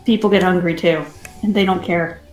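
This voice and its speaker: A woman's voice: on the low side, steady tone, normal speed, faint music behind. A woman playing in a tabletop game, describing her character's actions in a playful, joking way. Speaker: player. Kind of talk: casual tabletop play. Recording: roomy echo.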